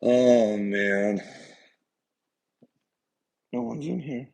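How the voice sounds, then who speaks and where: A man's voice: medium pitch, drawn-out words, gravelly, darkish tone, low-quality recording. A man ranting on a solo livestream, profane and mocking, laughing between phrases.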